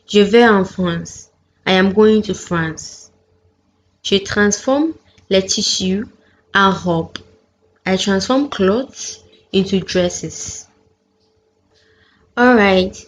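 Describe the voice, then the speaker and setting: A woman teaching a beginners' French lesson, reading out each example clearly and carefully. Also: medium pitch. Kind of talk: slow, deliberate lesson narration. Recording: dull lo-fi sound with faint background noise.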